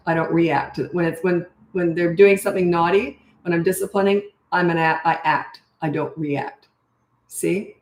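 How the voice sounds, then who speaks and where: An older woman answers viewers' questions as a parenting coach, speaking casually and bluntly with lots of "um" and "you know". Her voice sits a little low for a woman. The room around her sounds echoey. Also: slight background noise. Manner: casual, chatty, direct, many fillers. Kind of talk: live Q&A, reading and answering comments.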